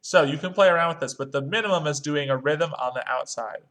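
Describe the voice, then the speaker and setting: A man's voice: on the high side, quick pace. A male music teacher, walking young students through a screen-recorded online lesson step by step. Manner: talks through clicks step by step, chants rhythm syllables.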